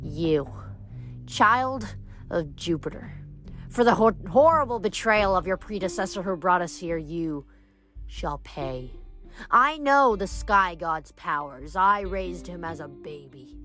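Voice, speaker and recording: A woman reading aloud, voicing a bitter, vengeful ancient female water nymph in a slow, menacing way. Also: on the low side, lively intonation, a bit bright, faint music behind.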